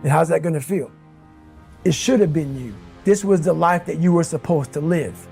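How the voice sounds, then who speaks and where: A man's voice: a little high, moderate pace, gravelly, warm tone, faint music behind. A man giving an intense, blunt motivational speech in an emphatic manner. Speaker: motivational speaker.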